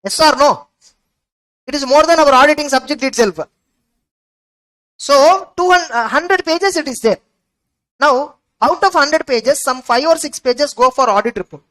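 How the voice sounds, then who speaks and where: Woman with teaching an exam revision class, fairly high voice, keeps asking yes or no and repeating key words. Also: lively intonation, unhurried, long pauses, fairly bright tone, rough recording. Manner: rhetorical questions answered herself, emphatic repetition. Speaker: accounting exam tutor. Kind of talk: recorded revision lecture.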